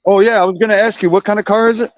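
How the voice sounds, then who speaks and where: A man speaking with a relaxed, easy manner on a video call, his voice pitched slightly high for a man. The sound is dry and close, with no room around it. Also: rapid-fire, no room sound, soft background music, poor audio. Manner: relaxed, talks to his dogs between remarks. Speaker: guest caller. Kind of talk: casual chat.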